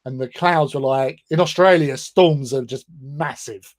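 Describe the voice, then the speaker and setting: A man's voice: medium pitch, a little slow, crowd noise. An English man telling a long, self-deprecating story in casual chat on a livestream, often laughing. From England. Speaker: livestream co-host.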